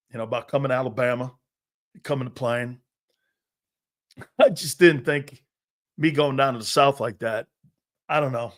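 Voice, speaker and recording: A middle-aged man from Connecticut hosting a sports talk show, telling rambling stories in a casual way and speaking to viewers in the live chat. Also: mid-range voice.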